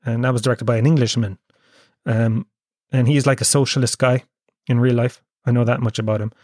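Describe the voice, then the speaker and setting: Clean studio sound with no room echo carries this Irish podcast host's medium-pitched, darkish voice, fairly quick and fairly even in intonation. Ill and exhausted, he rambles solo, cursing and mocking himself.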